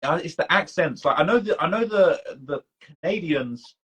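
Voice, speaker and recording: A man's voice: a little high, lively intonation, moderate pace, fairly bright tone, husky, rough recording. A man with a British accent, hosting a casual live-stream chat, talking in a loose, slangy way full of fillers and restarts. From United Kingdom. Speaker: documentary channel host.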